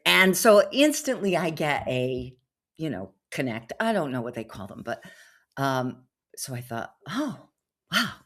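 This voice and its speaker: Low-voiced chatty woman telling a story. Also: very animated, unhurried, a bit bright. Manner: chatty and rambling, many fillers and asides. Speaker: podcast host. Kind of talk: casual storytelling monologue.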